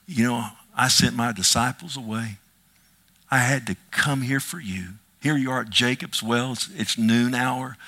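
A man preaching voices a gentle, compassionate male Jesus, speaking softly and tenderly. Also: mid-range voice, unhurried. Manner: soft, tender, quieter than his preaching.

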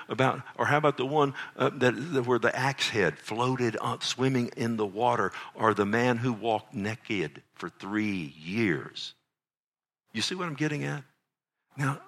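A middle-aged man preaching a sermon, animated, full of rhetorical questions. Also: on the low side. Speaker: pastor. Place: church sanctuary.

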